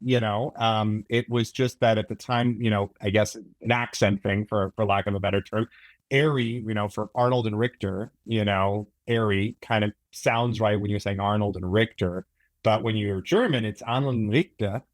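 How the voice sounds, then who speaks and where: A man's voice: lowish voice, flat delivery, moderate pace, no echo. A man appearing as a podcast guest, chatting casually and explaining at length with agreeable fillers and restarts. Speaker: camera product manager guest. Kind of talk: casual interview chat.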